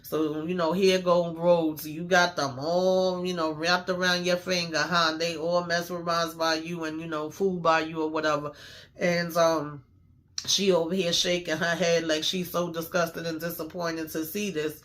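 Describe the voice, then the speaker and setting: A man's voice: fairly high pitch, little pitch movement, normal speed, fairly bright tone. A man giving a casual TV episode recap, telling it in a slangy, emphatic way with lots of fillers. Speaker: TV show recap host.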